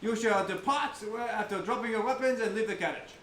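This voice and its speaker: A man voicing a swashbuckling highwayman with a French accent, taunting grandly. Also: brisk, a bit bright. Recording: echoey room with noise.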